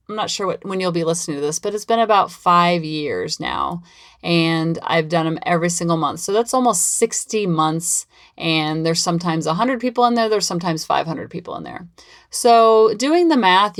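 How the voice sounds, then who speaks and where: A woman with a fairly low voice hosts her own parenting podcast alone. She talks casually and keeps an upbeat, rambling flow, circling back over the same points again and again. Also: a bit bright. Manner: chatty, rambling and upbeat, with lots of repetition. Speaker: parenting coach and podcast host. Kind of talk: casual solo podcast talk.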